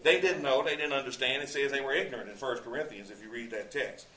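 A man's voice: mid-range voice, quick pace, pushed and bright. A male preacher teaching a sermon verse by verse, conversational, quoting scripture and asking rhetorical questions. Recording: echoey room, distant mic.

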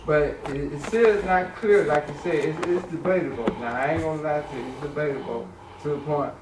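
A man in a Bible study group, talking in a rambling, halting way with many fillers. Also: fairly high pitch. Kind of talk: group discussion. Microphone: far from the mic. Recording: echoey, distant, noisy room.

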